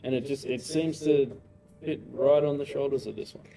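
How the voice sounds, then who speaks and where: A man playing a tabletop game in character, bargaining in a dry, smooth-talking way. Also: medium pitch, fairly even intonation, moderate pace, a crowd in the background, low-quality recording. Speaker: player.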